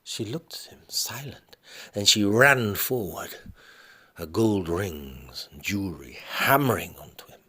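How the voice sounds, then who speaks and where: A man reading his own dramatic story aloud, with deliberate narration. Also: fairly low pitch, animated, sharp tone, husky.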